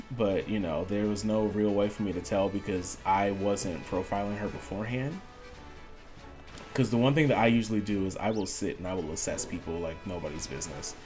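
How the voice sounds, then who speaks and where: A man streaming a video game, chatting casually and acting out the voices of people in his story. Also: fairly low pitch. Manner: animated storyteller, acts out quoted voices. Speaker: gaming streamer. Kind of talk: casual storytelling while gaming.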